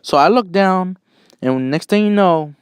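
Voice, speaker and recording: A man's voice: high-pitched, expressive, a little slow, clean tone, no echo. A young man telling a self-mocking story in a casual vlog over gameplay, cheerful and joking, who cries out when he quotes himself. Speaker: channel host.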